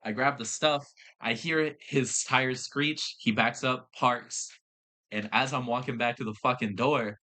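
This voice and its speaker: A young man holds the mic on his own podcast and tells stories in a loose, exasperated way, swearing freely and restarting his sentences. His voice has a bright, forceful edge, sitting at an ordinary pitch for a man. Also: steady tone, unhurried. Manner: exasperated ranting with profanity and restarts. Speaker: podcast host. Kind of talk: casual storytelling chat.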